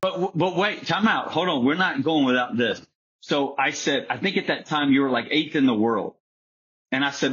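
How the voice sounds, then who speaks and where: Husky-voiced man on a muffled recording. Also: a little high, moderate pace, a bit bright. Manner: rambling, with frequent restarts and fillers. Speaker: guest golfer. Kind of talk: casual storytelling chat.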